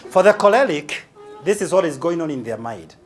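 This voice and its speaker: A man's voice: fairly high pitch, expressive, brisk, music in the background. A man with a Kenyan accent giving a humorous conference speech, teasing and provocative in a large hall. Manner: teasing, punchy, playfully provocative. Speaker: motivational speaker. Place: large hall with a live audience.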